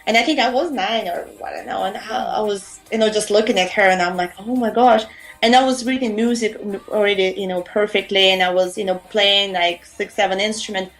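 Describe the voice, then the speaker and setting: A woman's voice: mid-range voice, steady tone, a little fast, soft background music. A woman from Europe, a musician guest on a radio show, telling stories in a chatty, rambling way with many fillers. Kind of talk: casual radio interview storytelling.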